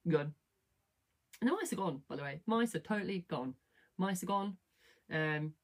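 Chatty woman, rambly, lowish voice. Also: creaky. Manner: chatty, rambling, self-correcting, asks "right?" often. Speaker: live stream host. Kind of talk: casual chat retelling a book.

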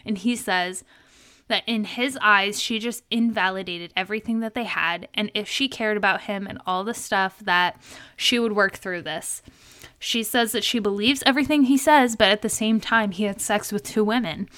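Young female podcast co-host, bright mid-pitched voice, lively retelling with quotes and giggles. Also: normal speed. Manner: animated storytelling, quoting people with laughs. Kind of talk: casual recap chat.

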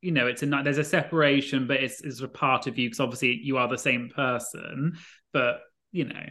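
A man's voice: medium pitch, fairly even intonation, brisk, pushed and bright. A man interviewing a guest for his channel, chatty and enthusiastic with his questions. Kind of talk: casual interview chat.

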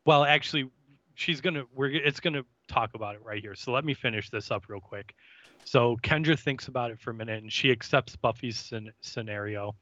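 A man co-hosting a podcast, recapping an episode in a relaxed, halting way with fillers. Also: mid-range voice, no room sound, muffled recording. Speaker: podcast co-host. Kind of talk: casual recap chat.

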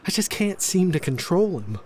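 A man's voice: sits high, sing-song, moderate pace, a little mellow, voice pushed up. A man voicing a frantic, grateful young mother, talking in a breathless, pleading way.

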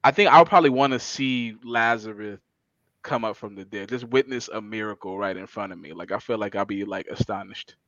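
A man chatting as a guest, giving quick laid-back answers. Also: lowish voice, a bit bright, no room sound. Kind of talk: casual chat. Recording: dull lo-fi dry sound.

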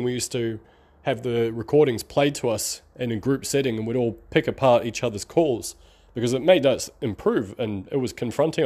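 A man's voice: medium pitch, dark tone. A middle-aged man with an accent between Australian and New Zealand and a slight lisp, drawing out his words in a rambling, candid vlog monologue. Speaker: online marketing vlogger. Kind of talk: casual talking-to-camera monologue.

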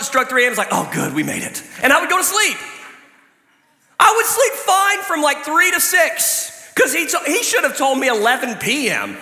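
A man preaches in a high, bright, forceful voice, his lively sermon full of joking stories. The sound rings through a roomy church hall with a long reverb tail. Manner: lively, conversational, joking storytelling. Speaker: pastor. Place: church stage before a congregation.

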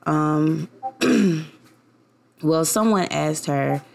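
A woman's voice: low voice, drawn-out words, gravelly, darkish tone. A young woman hosting her own podcast, talking in a casual, rambling and heartfelt way with many fillers. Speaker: podcast host. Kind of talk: casual personal podcast monologue.

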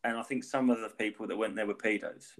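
A man's voice: on the low side, fairly even intonation, fast, slight background noise. A man co-hosting a podcast, chatting casually in a rambling way and swearing freely. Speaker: podcast co-host. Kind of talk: casual chat.

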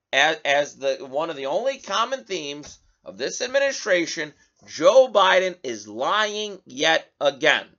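Man, political talk show host, indignant commentary, animated delivery, high voice. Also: highs cut off. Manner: animated, indignant, reads headlines aloud.

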